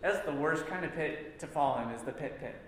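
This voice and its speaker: A man's voice: on the high side, a little fast, a little hiss or hum. Emphatic male Bible teacher in an echoey hall. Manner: emphatic, repeats words for stress. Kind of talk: church class teaching. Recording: echoey room with long reverb.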